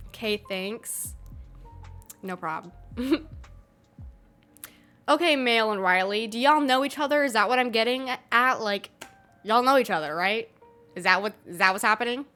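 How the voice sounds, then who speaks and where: A woman's voice: on the high side, a little slow, pauses often, bright, forceful tone, faint music behind. A young American woman streaming, chatting casually with her live chat, laughing often and swearing freely.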